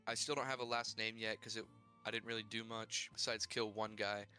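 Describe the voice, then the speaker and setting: A man's voice: on the low side, level tone, fairly quick, pushed and bright. A man recapping his character's adventure in a tabletop game, in a rambling, casual way full of "like" and restarts. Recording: faint music behind.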